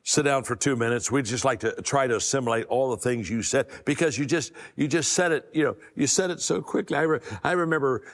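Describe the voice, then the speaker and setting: Delivering a folksy, motivational talk on leadership and communication, this older leadership speaker frequently restarts sentences by repeating his first words. He speaks briskly in a mid-range voice with few pauses, and a long reverb tail trails behind him.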